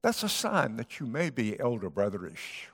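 A man's voice: medium pitch, wildly swooping pitch, moderate pace, husky. A male guest pastor preaching a sermon, telling a story and voicing the characters' lines. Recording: long hall reverb.

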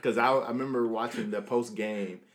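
A man's voice: mid-range voice, steady tone, normal speed. A young man co-hosting a podcast, talking in a laid-back, casual way. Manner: laid-back, frequent backchannels and laughs. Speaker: podcast co-host. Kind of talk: casual chat.

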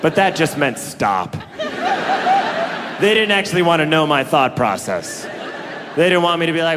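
A man performing a stand-up comedy set on stage, animated and acting out characters. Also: moderate pace, long pauses. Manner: animated, acts out characters in a high put-on voice. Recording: live stage recording in a reverberant hall with audience noise.

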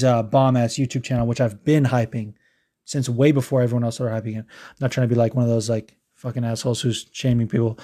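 Brief: male podcast host, mellow dark tone, angry swearing rant, trips over words. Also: mid-range voice. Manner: heated, profane, stumbling restarts. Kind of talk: casual ranting podcast talk.

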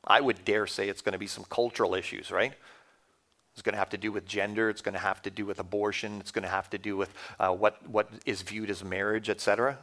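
A man in his fifties with a Canadian accent gives a sermon in an easy, conversational way. He talks with the audience and puts questions to them. His voice sits a little low. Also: a bit bright. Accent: Canadian English. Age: 50s. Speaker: guest speaker.

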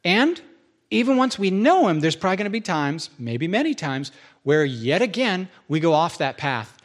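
Male pastor with a higher voice. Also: very animated, normal speed. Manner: joking, self-deprecating asides; enumerating points, repeating for emphasis. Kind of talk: sermon.

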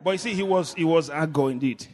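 A man preaching a sermon, leading the congregation in call and response, swinging between shouts and low murmurs. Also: fast, big-room sound. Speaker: pastor.

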